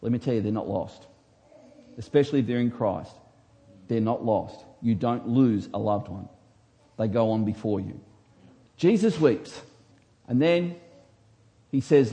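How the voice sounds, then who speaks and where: Mellow-voiced man preaching emphatically. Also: medium pitch. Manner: emphatic preaching, swinging from hushed to loud. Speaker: pastor. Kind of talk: sermon.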